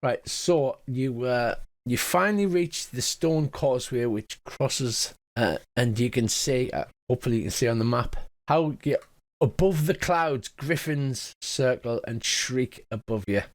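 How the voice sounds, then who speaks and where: A man narrating a tabletop game as game master, describing scenes in a halting way. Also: mid-range voice.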